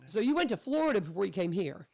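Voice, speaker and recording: A woman hosting a radio show, chatting casually with her guest and telling animated stories. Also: medium pitch, quick pace, creaky. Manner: chatty, animated storyteller who acts out quotes. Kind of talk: casual conversational interview. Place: radio studio.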